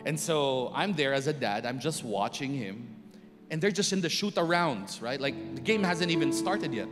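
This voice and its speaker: A man's voice: medium pitch, normal speed. A middle-aged man, telling a personal story to an audience and acting out the scenes. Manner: animated, acts out scenes and voices. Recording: long reverb with music behind.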